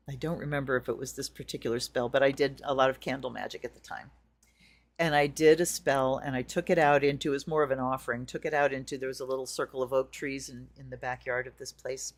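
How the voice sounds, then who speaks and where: A middle-aged woman giving a casual tarot reading, chatty and storytelling, acting out the things people say. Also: sits low. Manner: chatty, storytelling with acted-out quotes. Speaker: tarot reader.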